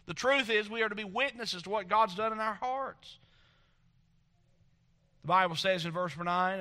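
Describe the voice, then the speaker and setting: A man preaching a sermon as pastor, reading scripture aloud and then explaining it with rhetorical questions, swinging between soft reflective lines and loud emphatic points. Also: high-pitched, moderate pace, long pauses.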